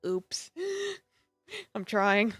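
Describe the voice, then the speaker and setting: A woman's voice: medium pitch, big pitch swings, drawn-out words, no echo, soft background music. A woman streaming a game, reading its narration aloud with a playful, self-mocking manner. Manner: playful, self-mocking, laughs at her own voices. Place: home streaming setup.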